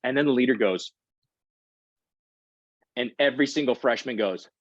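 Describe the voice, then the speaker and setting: A middle-aged man presents to a group as a guest speaker, telling a long anecdote and acting out quotes in bursts of voices. His voice sits at an average pitch. The recording is dry and slightly muffled. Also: normal speed, no echo. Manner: animated storyteller acting out quotes. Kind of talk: storytelling talk. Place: online meeting talk. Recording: dry, slightly dull audio.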